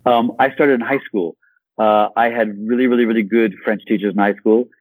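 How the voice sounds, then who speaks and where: Animated man, dry close sound. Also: on the low side, brisk, no echo, rough recording. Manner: enthusiastic, animated, repeats words. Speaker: actor guest. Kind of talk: podcast interview.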